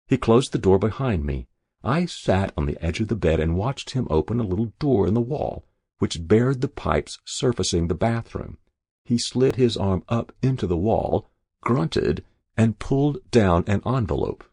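Gravelly man reading a wry story. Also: fairly low pitch, expressive, normal speed, a little mellow, no room sound. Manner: wry, dry first-person storytelling. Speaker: narrator. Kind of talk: audiobook narration.

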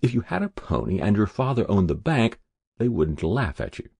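A man with a very deep, gravelly voice reads a story aloud in measured, expressive narration. His pitch moves in lively rises and falls, and the sound is close and dry. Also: no echo.

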